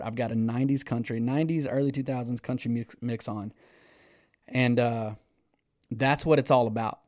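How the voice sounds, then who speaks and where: A man, telling stories as a podcast guest in an animated way, swearing freely and laughing often. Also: medium pitch, no echo, studio quality. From Texas. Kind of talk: casual storytelling.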